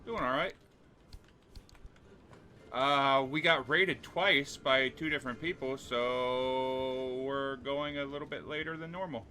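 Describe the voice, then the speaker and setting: A laid-back man giving casual gameplay commentary at a middling pitch, dry in his humor. Loud game music runs behind his close mic. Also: steady tone, slow pace. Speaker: streamer.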